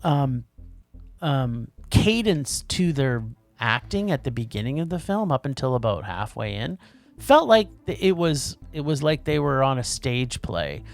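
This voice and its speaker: A man co-hosting a podcast, chatting casually about films, animated and tripping over his words. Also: mid-range voice, gravelly, faint music behind. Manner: animated, quick, trips over words, restarts. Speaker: podcast co-host. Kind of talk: casual movie review chat.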